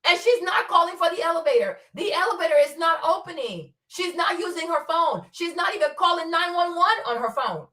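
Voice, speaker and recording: A woman's voice: very high-pitched, expressive, a little fast, hardly any pauses, bright, forceful tone, reverberant, far from the mic. A woman hosting a casual commentary stream, blunt and profane, laughing often as she rants. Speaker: commentary host.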